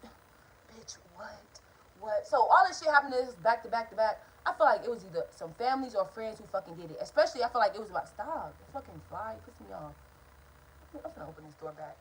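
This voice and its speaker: A woman in her twenties telling a profane, animated storytime to camera from home. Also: medium pitch, fast talker, husky, poor audio. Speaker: vlogger. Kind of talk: storytime vlog. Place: at home indoors.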